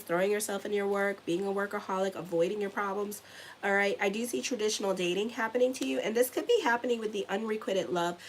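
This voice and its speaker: A woman's voice: medium pitch, a little hiss or hum, rough recording. A woman giving a casual tarot reading to her viewers, rambling and chatty, often ending lines with "okay?". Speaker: tarot reader and astrologer.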